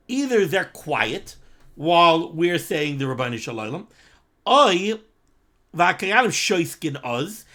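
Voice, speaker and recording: A man giving a daily Torah class, explaining texts in a conversational, animated way and reading Hebrew phrases aloud. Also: on the high side. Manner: animated, quotes texts in Hebrew and Yiddish-flavored pronunciation. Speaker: Torah teacher.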